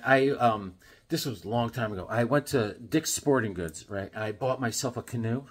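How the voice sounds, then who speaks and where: In a husky, medium-pitched voice, a middle-aged man chats about his comic book collection. He's a rambling, jokey storyteller, and his casual show-and-tell for his vlog keeps veering off into funny tales.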